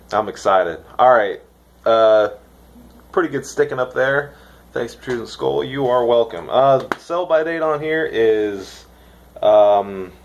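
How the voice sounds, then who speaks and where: A young man from the United States rambling excitedly in a casual vlog, swearing now and then. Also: lowish voice. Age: young adult. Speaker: vlogger reviewing dip.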